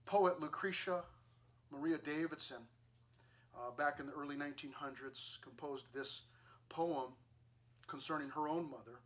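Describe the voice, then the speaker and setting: A male pastor with a fairly bright voice on the high side preaches at a moderate pace with long pauses. He tells a scripture story using acted-out lines and sound effects, then reads scripture and a poem aloud.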